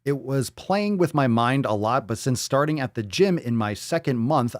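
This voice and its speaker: Male podcast host, profane and mocking, lively pitch, dry close mic. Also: dry recording. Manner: sarcastic, profane, jumps into silly voices. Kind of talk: casual live show banter.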